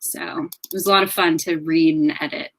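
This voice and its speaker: A woman's voice: sits low, steady tone, a little fast, poor audio. A woman guest on a podcast, explaining a blog post in a friendly, chatty way. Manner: friendly, explanatory, filler-prone. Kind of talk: casual podcast chat.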